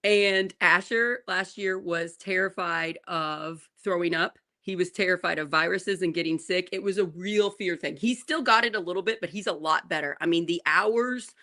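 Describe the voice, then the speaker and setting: A woman in her forties, co-hosting a morning show, telling a family story in a lively way and laughing often. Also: fairly low pitch, normal speed, hardly any pauses. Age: 40s. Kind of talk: casual chat.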